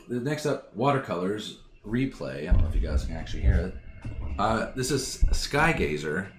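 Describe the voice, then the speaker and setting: Low-voiced joking podcast man. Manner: joking, reads product notes aloud. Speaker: podcast host. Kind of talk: casual chat. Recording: echoey room, faint noise.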